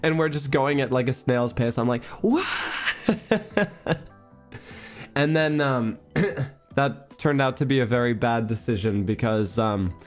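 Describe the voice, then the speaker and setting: A young man streaming a casual chat, his voice still a little hoarse and worn, rambling through an animated story. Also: medium pitch, a little slow, long pauses, soft background music. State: hoarse, recovering voice.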